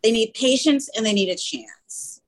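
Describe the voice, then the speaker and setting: A woman's voice: on the high side, animated, moderate pace, rough recording. A woman who runs a small school, speaking in a casual interview and telling earnest stories full of quoted dialogue. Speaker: small school or daycare founder.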